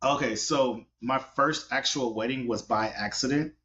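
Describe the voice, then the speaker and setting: A man, a wedding photographer, telling stories in a casual, animated interview. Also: mid-range voice, measured pace. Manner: animated, hustling storyteller. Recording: dull lo-fi audio.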